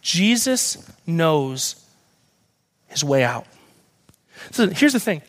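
High-voiced, animated young male preacher. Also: extremely slow. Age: young adult. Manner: animated storytelling, acts out quoted voices. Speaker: guest speaker. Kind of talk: sermon.

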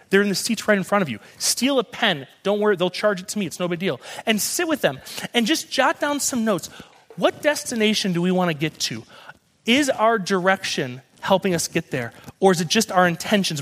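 A young man preaching a sermon as guest speaker, lively and storytelling, acting out the voices of people in his stories. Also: high-pitched. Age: young adult. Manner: animated storytelling, acts out quoted voices.

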